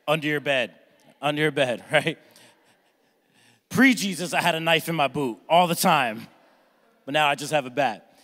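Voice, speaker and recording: Animated pastor preaching in a reverberant hall. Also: male voice, a little high, normal speed, pauses often. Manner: energetic, jokey, acts out family members with shouts. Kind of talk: sermon. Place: church sanctuary with congregation.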